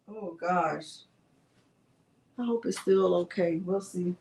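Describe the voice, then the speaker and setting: A woman's voice: on the low side, slow, gravelly, darkish tone, highs cut off, slight background noise. A woman hosting a casual live crafting tutorial, chatting as she narrates each click and answers viewers in the chat, sometimes muttering to herself. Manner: talks to herself under her breath at times. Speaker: craft channel host.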